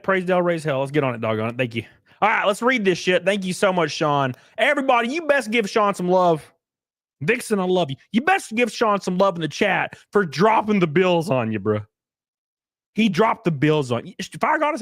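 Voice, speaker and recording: A man hosting his livestream in casual chat, loud and joking, who breaks into sudden yelps of excitement. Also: high-pitched, no room sound, clean studio sound. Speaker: streamer host.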